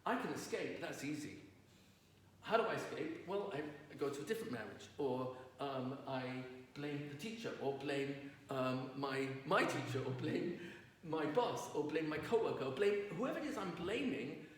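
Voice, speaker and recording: A man's voice: a little high, expressive, moderate pace. Man lecturing in a roomy hall. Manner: storytelling, asks the audience questions. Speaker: rabbi lecturer. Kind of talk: Torah lecture to an audience. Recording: roomy distant recording with faint noise.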